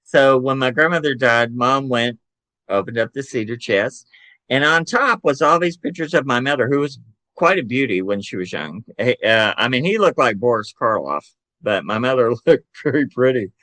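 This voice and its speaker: An older man with a Southern American accent, telling animated family stories as a podcast guest and acting out voices. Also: medium pitch, moderate pace, dry recording. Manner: animated storyteller who acts out relatives' voices. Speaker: podcast guest, psychic medium and author. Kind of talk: casual storytelling interview.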